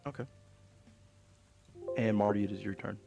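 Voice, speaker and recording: A young man acts as game master, walking players through rules in a low, gravelly voice. His delivery stays flat and even, with casual fillers. Faint music plays underneath. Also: normal speed, dull audio. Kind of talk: running a tabletop game online.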